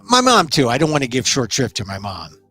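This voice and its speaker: A middle-aged man hosting his own talk show, delivering an emphatic solo commentary monologue that speeds up and slows down for stress. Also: medium pitch, huge pitch swings, bright, forceful tone, slightly rough, faint music behind. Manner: emphatic, shifting pace for stress.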